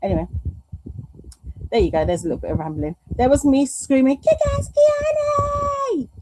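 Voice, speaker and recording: A woman's voice: on the low side, lively intonation, brisk, dark tone, slight background noise, poor audio. A middle-aged woman hosting a live stream at home, chatting and reading out viewer comments in a rambling, affectionate way. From United Kingdom. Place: home room.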